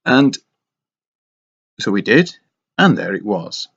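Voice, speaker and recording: A man's voice: fairly low pitch, very animated, takes it slowly, long pauses, fairly bright tone. A man talking in a rambling, casual monologue, wry and self-mocking as he meanders from thought to thought, on a dull lo-fi recording. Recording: dull lo-fi sound.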